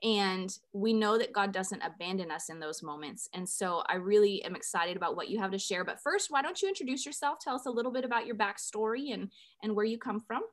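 A woman's voice: mid-range voice, animated, brisk, hardly any pauses. A woman hosting a Christian podcast, introducing the episode and her guest in an upbeat, enthusiastic way. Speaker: podcast host. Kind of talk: faith podcast intro and interview.

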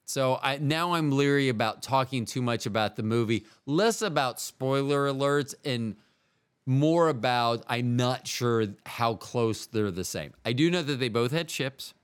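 A man's voice: mid-range voice, measured pace, smooth. A man hosting a solo podcast, talking in a meandering, wry way that keeps interrupting itself. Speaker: podcast host. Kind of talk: rambling solo podcast monologue.

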